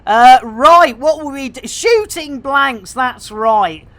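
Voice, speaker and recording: A woman streaming live, chatting casually in a bubbly, jokey way, with bursts of shouting and laughter. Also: sits high, sing-song, takes it slowly.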